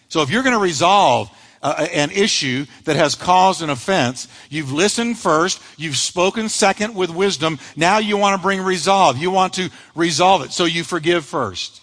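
A man's voice: a little high, animated, moderate pace, a bit bright, long reverb tail. A pastor preaching a sermon to a congregation, acting out the quoted lines of the people he describes.

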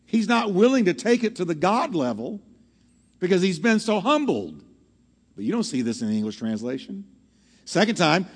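A man preaching a teaching sermon to a congregation, animated and often asking the audience questions. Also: high-pitched, moderate pace, husky. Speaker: pastor. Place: church hall with live audience. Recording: long hall reverb.

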